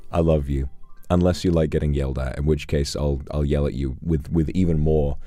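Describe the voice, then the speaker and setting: A man reads viewer messages aloud on a live stream and answers them in a casual, teasing, affectionate way. His voice sits very low and sounds dark and mellow. Soft music plays faintly behind him. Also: steady tone, brisk, dry recording. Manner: playful, teasing, affectionate with chat. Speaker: streamer reading superchats. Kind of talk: casual livestream chat.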